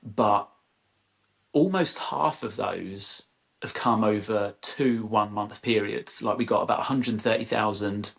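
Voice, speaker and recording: Gravelly low-voiced man, rambling. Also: a little slow. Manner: rambling, full of "like" and restarts. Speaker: podcast guest, content creator. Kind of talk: casual conversational storytelling.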